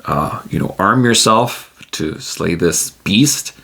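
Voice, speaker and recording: A man's voice: lowish voice, lively intonation, takes it slowly, fairly bright tone, husky, full character voice. A man voicing a practical woman adventurer.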